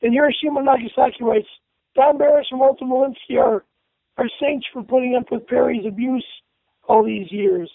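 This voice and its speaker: A man's voice: very high voice, steady tone, normal speed, creaky, dry recording. A man reading an online thread aloud on the radio, reading the punctuation out, stumbling over words and cursing indignantly. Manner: reads punctuation aloud, stumbles, swears angrily. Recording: tinny phone-line radio audio.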